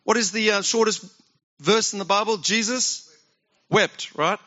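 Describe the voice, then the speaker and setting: High, bright-voiced pastor preaching. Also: male voice, unhurried, muffled recording. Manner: conversational, asks the congregation questions. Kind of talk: sermon.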